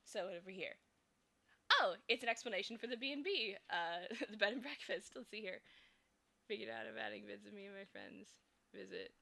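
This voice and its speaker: A woman's voice: medium pitch, fairly quick, gravelly, pushed and bright. A young woman chatting casually and thinking aloud while she draws, giggling often between fillers. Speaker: streamer and fan artist. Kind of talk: casual chat while drawing.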